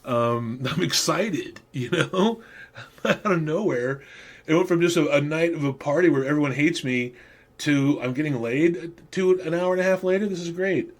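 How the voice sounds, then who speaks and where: Middle-aged male podcast host with a husky voice, loose and rambling, chuckles through his own tales. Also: fairly high pitch, normal speed. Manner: rambling, crude, laughing at own stories. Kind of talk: casual storytelling monologue.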